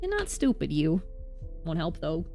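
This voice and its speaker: A woman's voice: deep voice, huge pitch swings, a little slow, vocal fry, mellow, faint music behind, full character voice. A woman voicing a surly male thug from a game who distrusts outsiders and speaks bluntly. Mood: grudging.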